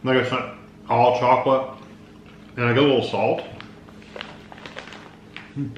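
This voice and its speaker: Calm descriptive man in roomy sound. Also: medium pitch, measured pace, lo-fi sound. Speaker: co-host of food review channel. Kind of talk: casual taste-test chat. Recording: roomy with faint noise.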